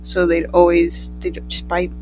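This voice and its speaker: A woman's voice: lowish voice, completely flat delivery, music in the background, low-quality recording. Profane teenage girl rambling through a story. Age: teens. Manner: profane, rambling, quick asides. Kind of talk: casual storytelling chat.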